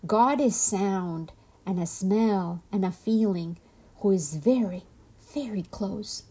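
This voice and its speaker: Storybook role: woman playing a little ant, quiet, earnest, husky. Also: mid-range voice, slow.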